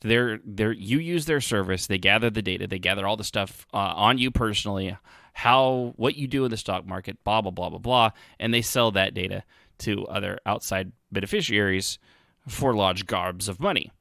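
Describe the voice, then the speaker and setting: A man's voice: on the low side, gravelly, a bit bright, no echo, studio quality. A man hosting a podcast, rambling through casual commentary with sarcastic asides and frequent restarts. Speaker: podcast host.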